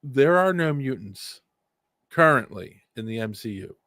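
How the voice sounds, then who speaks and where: A man co-hosting a podcast in casual chat, teasing his partner in lively banter. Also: mid-range voice, measured pace, dry recording. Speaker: podcast co-host.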